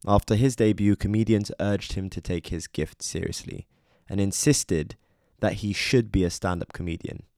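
A man with a very deep, dark voice narrates a biography from a script. He is measured and speaks straight to the listener, and the recording is close and dry. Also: no echo. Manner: measured, addresses listener directly. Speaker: documentary narrator.

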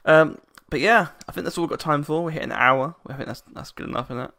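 Male podcast co-host, bright gravelly voice, rambling casual delivery. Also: a little high, fast. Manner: rambling, self-interrupting, laughs often.

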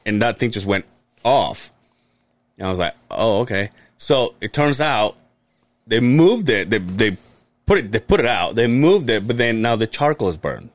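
A man's voice: lowish voice, sing-song, normal speed, no echo. A man telling a long, rambling story in casual podcast chat, swearing and restarting often. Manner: rambling, profane, many restarts. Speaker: podcast co-host.

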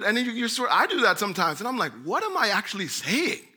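A man preaching a sermon, earnest, rising to emphatic bursts and dropping to soft low asides. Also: sing-song, fast talker, slightly rough.

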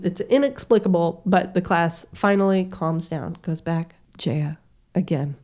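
A woman's voice: fairly low pitch, slow. A woman in her thirties telling a story as a podcast guest, acting out the voices of the people in it. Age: 30s. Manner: lively, acts out voices of classmates.

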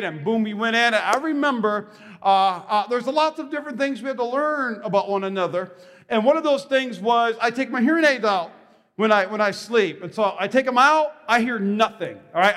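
A man with a strikingly high voice preaches a sermon, spinning animated stories and stumbling over repeated words as he restarts. His voice rings out with a long reverb from the hall around him. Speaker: pastor.

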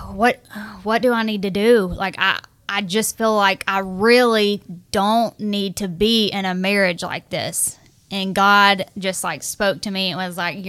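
Bright, clear-voiced woman telling her story. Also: mid-range voice. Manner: earnest, animated, acts out quoted dialogue. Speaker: guest sharing her marriage story. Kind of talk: emotional personal storytelling.

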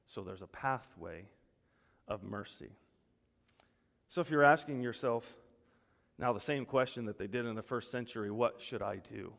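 A male pastor preaching a sermon, animated, rising loud and emphatic when he voices God's words. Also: lowish voice, moderate pace, gravelly, pauses often. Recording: long hall reverb.

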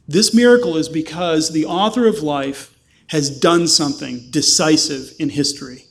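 A man's voice: on the high side, moderate pace. A male pastor preaching a sermon with passion, asking rhetorical questions and acting out the voices he quotes.

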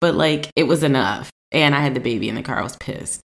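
A woman with a low-pitched voice talks casually with a co-host. She tells stories animatedly and laughs often. She swears freely, and her voice shoots up when she quotes herself. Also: quick pace, gravelly. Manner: animated storytelling, jumps high when quoting herself. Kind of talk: casual chat.

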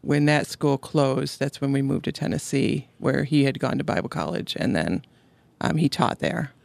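A woman's voice: rumbling low, lively intonation, moderate pace, gravelly, a little mellow, no room sound. A middle-aged woman from upstate New York, a podcast guest chatting casually, answering in short replies and laughing often. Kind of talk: casual interview conversation.

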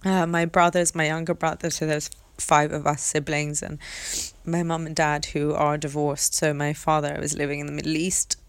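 A young adult woman hosting a podcast, telling a personal story in a candid, reflective way with hesitant pauses. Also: deep voice, flat delivery, clear, resonant tone, no echo. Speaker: podcast host.

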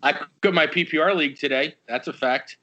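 A man's voice: on the high side, a little fast, slight background noise. A man in casual sports chat, telling a story with plenty of swearing. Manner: animated storyteller, swears a lot. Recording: dull lo-fi sound.

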